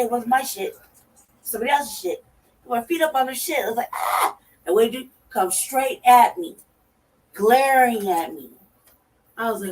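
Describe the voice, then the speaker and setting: A woman co-hosting a talk show, telling a profane story in a lively way and acting out her own reactions. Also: high-pitched. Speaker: podcast co-host. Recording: distant mic with faint noise.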